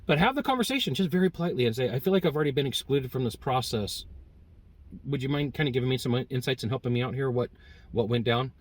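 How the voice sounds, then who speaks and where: A man giving a casual spoken sales lesson, telling stories and acting out customers' lines with lively swings in voice. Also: medium pitch, quick pace. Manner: animated storytelling, acting out customer quotes. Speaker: sales trainer.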